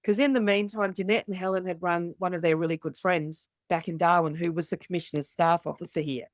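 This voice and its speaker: A woman's voice: on the low side, fairly even intonation, brisk, no echo. Blunt Australian woman telling a story. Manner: blunt, swears freely, acts out the voices of others. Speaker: podcast guest. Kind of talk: candid storytelling.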